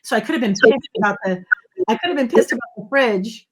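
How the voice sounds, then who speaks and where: A middle-aged woman guest on an interview show, explaining ideas and telling stories in a lively, emphatic way. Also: fairly high pitch, quick pace. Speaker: guest, body language expert. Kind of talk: conversational interview.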